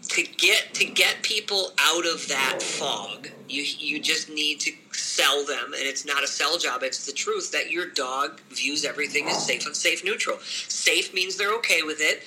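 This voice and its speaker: Animated high-voiced bright man. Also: slight background noise, rough recording. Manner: animated, acts out owners and dogs in quick voices. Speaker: dog trainer. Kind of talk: casual podcast conversation.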